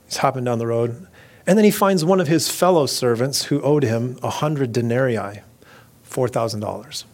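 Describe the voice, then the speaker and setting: A male pastor gives a relaxed, conversational sermon at a middle pitch. He talks casually and animatedly, slipping into the voices of the characters as he retells the story. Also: moderate pace.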